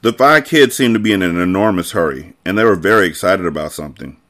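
Man, podcast host, book reading narration, low voice, casual and expressive. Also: fast talker.

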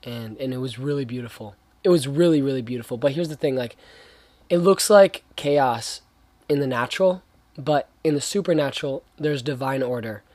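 A man's voice: medium pitch, normal speed, darkish tone, no room sound. A young man giving a casual, earnest faith talk, rambling with slang and many restarts. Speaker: young Christian speaker.

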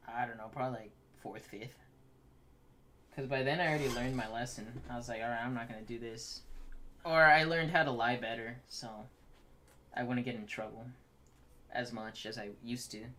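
A man's voice: mid-range voice, fairly even intonation, moderate pace, pauses often, bright, forceful tone, slight background noise. A young man co-hosting a podcast in casual chat, making wry, teasing remarks. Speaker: podcast co-host.

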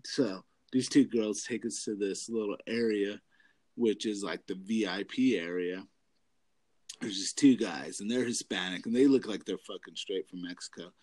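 A man's voice: lowish voice, normal speed, darkish tone, no echo. A young adult man rambling through a profane story in casual chat, laughing often.

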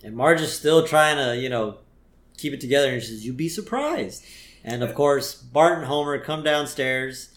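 Guy chatting on a podcast, laughs a lot, mid pitch, echoey room. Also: fairly bright tone. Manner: laughs often, quotes lines in a quick voice. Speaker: podcast co-host. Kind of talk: casual chat recapping a cartoon episode. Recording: roomy echo.

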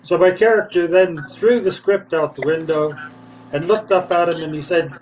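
A man, a puppeteer guest, telling a lively anecdote and acting out the voices of the people in it, laughing now and then. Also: on the high side, normal speed, recorded from a distance, slight background noise, rough recording. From England. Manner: lively storyteller, acts out voices, laughs often.

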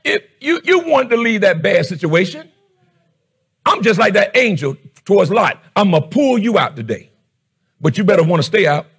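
Husky-voiced preaching pastor, fervent. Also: male voice, big pitch swings, normal speed. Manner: fervent preaching, swings from shouting to low murmurs. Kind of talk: sermon.

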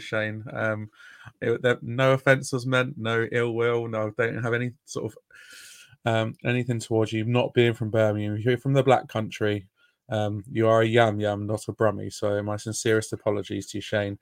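A man's voice: lowish voice, little pitch movement, normal speed, no echo, studio quality. A man from England hosting a casual sports podcast, chatty and self-deprecating with the odd swear word. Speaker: podcast host. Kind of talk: casual chat.

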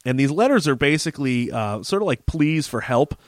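A man co-hosting a podcast, casually recapping a TV episode in a rapid, animated way, full of "like" and swearing. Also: mid-range voice, no room sound. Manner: rapid, animated retelling with lots of "like" and profanity. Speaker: podcast co-host.

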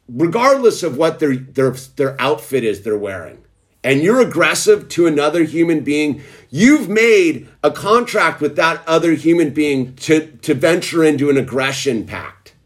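A man lectures in a casual rant, preachy and emphatic. His fairly high voice leaps up and down as he drives each point home. He keeps tacking "dude" onto his sentences. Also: big pitch swings, measured pace. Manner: preachy, repeatedly saying "dude".

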